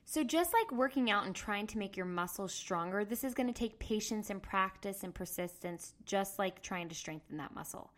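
A woman's voice: medium pitch, expressive, normal speed, hardly any pauses. A woman in her thirties hosting a podcast, talking earnestly through a personal story. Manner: earnest, storytelling, acts out her past self loudly. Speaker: podcast host. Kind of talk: casual monologue.

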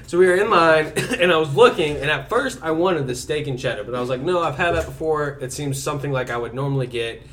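A young man telling his side of a story to friends in casual chat, defensive and quick with asides. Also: fairly high pitch, expressive, a bit bright, a little hiss or hum.

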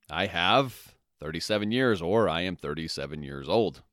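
On his podcast, a Spanish teacher speaks in a deep, animated, fairly bright voice, repeating every phrase twice alongside its translation at a slow pace. He checks in with listeners using "okay?" and "all right." The studio sound is clean, with no room sound.

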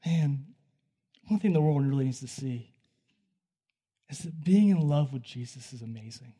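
In a storytelling sermon, this man talks conversationally, alternating quiet, hushed stretches with loud, excited ones. His medium-pitched voice is slightly rough and moves at a normal speed.

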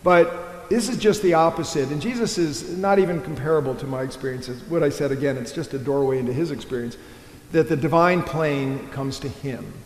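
Male priest, earnest rambling sermon, a bit high-pitched, roomy church echo. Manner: earnest, digressive preaching with filler and restarts. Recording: echoey church hall.

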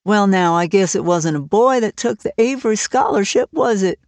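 A woman reading the part of a shy, gentle old farmer who speaks slowly and kindly in homespun phrases, for an audiobook. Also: mid-range voice, expressive, no echo, lightly acted.

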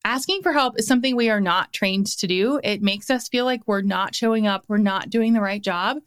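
A woman's voice: mid-range voice, fairly quick, fairly bright tone, clear, resonant tone. A young adult woman hosting a solo motivational podcast, talking in an upbeat, encouraging way with lots of emphatic repetition, into a podcast mic. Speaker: podcast host.

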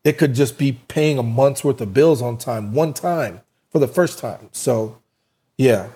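A man's voice: mid-range voice, measured pace, dark tone, slightly rough. A man in casual conversation, earnestly telling a personal story and acting out the dialogue he quotes.

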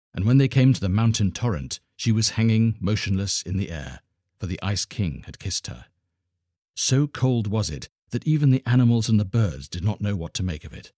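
A man reads a classic fairy tale for children in a low, husky voice. His delivery rises and falls with lively expression. The recording is close and dry, with no room sound. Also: dry recording. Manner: expressive, measured storytelling. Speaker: storyteller. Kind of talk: children's story narration.

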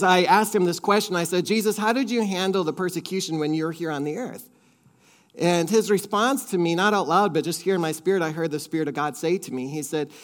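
A middle-aged man preaching a sermon as pastor, earnest and conversational, repeating words as he goes. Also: sits high.

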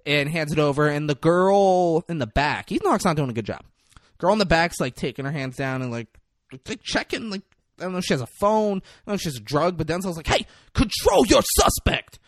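A man in casual chat, retelling a film scene with lively acted-out lines and plenty of swearing. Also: fairly high pitch, fast, no room sound, clean studio sound. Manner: animated storyteller, acts out lines, swears freely.

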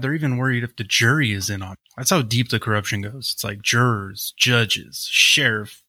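A man with a bright, forward voice reads a true-crime story for a podcast. He keeps an even narrating pace and slips into dry, joking asides between passages. His voice sits close and dry on the mic with no room sound. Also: lowish voice, normal speed, hardly any pauses, dry recording. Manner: reads steadily, then breaks into wry jokes. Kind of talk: reading a story aloud with casual asides.

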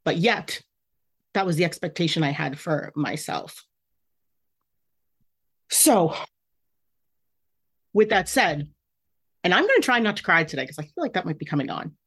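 A woman's voice: fairly low pitch, big pitch swings, moderate pace, long pauses, husky. A woman hosting her own podcast, talking candidly and emotionally about her feelings. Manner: candid, emotional, self-reflective. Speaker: podcast host. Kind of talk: personal podcast monologue.

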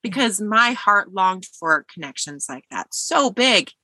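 Woman cohost chatting, reflective, bright voice, dry sound. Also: medium pitch, lively intonation, a little slow, no room sound. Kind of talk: casual chat.

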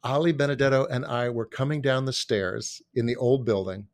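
A man in his late fifties hosting an interview podcast and telling lively anecdotes. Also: mid-range voice, moderate pace. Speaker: podcast host. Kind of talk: casual interview.

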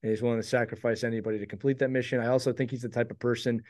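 A man's voice: mid-range voice, level tone, racing, darkish tone. A forty-year-old man co-hosting a podcast, chatting casually and giving blunt opinions. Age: 40s. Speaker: co-host. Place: home studio in Philadelphia.

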